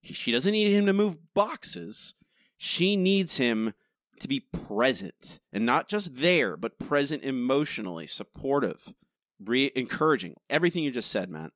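On a podcast he co-hosts, a man picks apart a TV episode in loose, emphatic talk, animated and full of restarts. His mid-range voice moves a little slowly, and the studio-quality recording has no echo.

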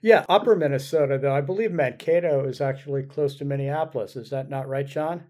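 Guy hosting a podcast, chatty, laughs a lot, middle pitch. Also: a little fast, dark tone. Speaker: podcast host. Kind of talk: casual podcast interview.

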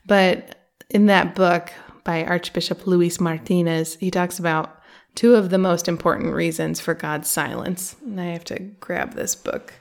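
A creaky, fairly low female voice with fairly even intonation and a slightly slow pace belongs to a faith podcast host. She reflects earnestly in a conversational way and reads aloud from a book.

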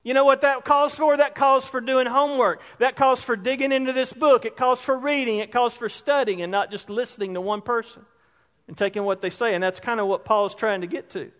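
Male pastor, very high voice, chatty preaching style, long church-hall reverb. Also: steady tone, brisk, a bit bright. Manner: conversational preaching, asks the congregation questions. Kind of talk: sermon. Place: church sanctuary.

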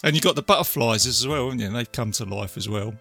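A man with a bright, forceful tone chats about a film, tacking "isn't it?" onto his points and letting them fade softly. Faint music runs underneath. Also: medium pitch, fast talker, gravelly, dry recording. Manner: ends remarks with tag questions, soft trailing delivery. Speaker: film podcast co-host. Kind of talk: casual film discussion.

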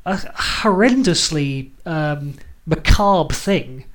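A man's voice: a little high, lively intonation, drawn-out words. A man in his forties chatting as podcast co-host, hesitant and self-deprecating with many ums. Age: 40s. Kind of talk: casual chat.

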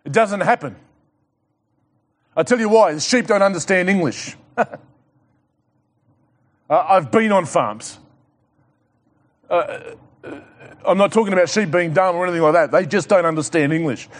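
High-voiced pastor preaching with urgency. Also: male voice, moderate pace, pauses often. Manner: emphatic preaching that builds to loud, urgent exhortation; repeats key statements and asks the congregation questions. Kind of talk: sermon.

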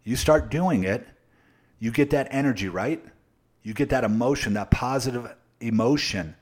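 A man's voice: medium pitch, normal speed. A man giving a motivational coaching talk to viewers, repeating his points emphatically and often checking in with tag questions. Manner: addresses viewers directly. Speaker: sales coach. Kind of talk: motivational live-stream talk.

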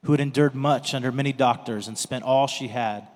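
A man's voice: mid-range voice, steady tone, fairly quick. Man reading scripture in a hall. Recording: echoey hall.

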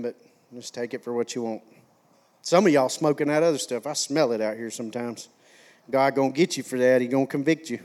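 A male pastor preaching a sermon in a folksy, conversational way, repeating phrases for emphasis. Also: mid-range voice.

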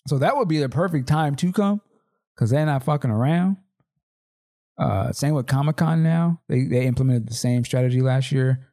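Podcast co-host, man, casual slangy storyteller, middle pitch. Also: moderate pace, mellow. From Seattle, Washington. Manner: storytelling, slangy, acts out dialogue. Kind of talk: casual chat.

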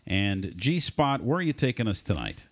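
Animated male radio show host. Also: lowish voice, normal speed. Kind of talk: casual radio banter.

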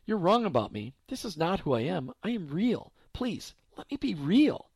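A man voicing Joseph as a determined, protective husband who speaks firmly in a deeper voice. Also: very animated, normal speed, darkish tone, breathy edge, no room sound, full character voice. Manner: firm, deeper voice.

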